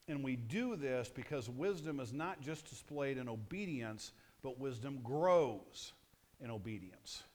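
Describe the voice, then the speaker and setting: A male pastor delivers a sermon in a relaxed, conversational manner. He keeps it punchy, often stopping to ask the congregation questions, with a mid-pitched, ordinary voice.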